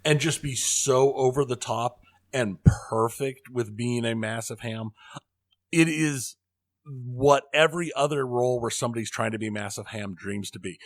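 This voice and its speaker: A man in mid pitch co-hosting a casual podcast, making wry, offhand quips. The recording is close and dry. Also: normal speed, no echo. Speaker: podcast co-host. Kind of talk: casual chat.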